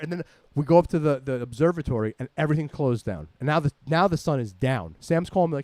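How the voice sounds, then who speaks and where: Fast-talking man spinning a profane story. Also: a little high, dry recording. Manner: rambling, animated, swears a lot. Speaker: podcast host telling a story.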